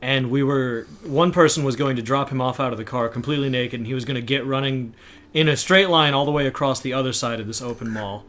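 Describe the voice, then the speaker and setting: A young man hosts a casual podcast, teasing his guest and retelling a story with lively bursts of laughter. His voice sits at an ordinary male pitch. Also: fast talker. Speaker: podcast host. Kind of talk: casual chat.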